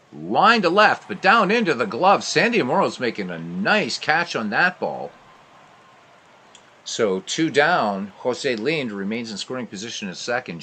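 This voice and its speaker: A man calling pitch-by-pitch baseball play-by-play, rising excitedly on big plays and dropping in dry asides. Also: a little hiss or hum. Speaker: play-by-play broadcaster of a simulated baseball game.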